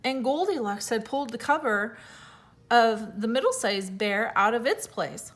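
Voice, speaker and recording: A woman teacher reading a fairy tale aloud to children, expressive, with small slips and self-corrections. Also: mid-range voice, measured pace.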